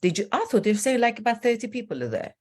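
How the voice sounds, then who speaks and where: A middle-aged woman coach telling stories as an interview guest, animated and earnest with quick asides. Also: on the high side. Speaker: transformational coach.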